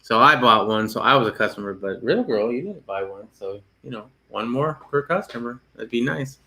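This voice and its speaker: Male co-host, bright forceful tone, loose and jokey, laughs a lot. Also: mid-range voice, lively intonation, normal speed. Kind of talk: casual livestream chat.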